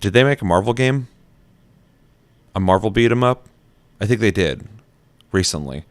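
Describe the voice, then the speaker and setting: A man's voice: on the low side, lively intonation, normal speed, dry recording. A man hosting a gaming podcast, chatting casually with frequent swearing and fillers. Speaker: podcast host.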